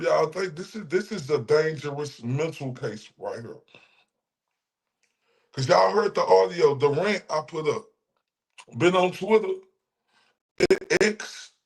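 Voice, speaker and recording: A man's voice: a little high, creaky. Profane ranting man. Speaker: livestream host reacting to clips. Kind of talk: heated reaction commentary.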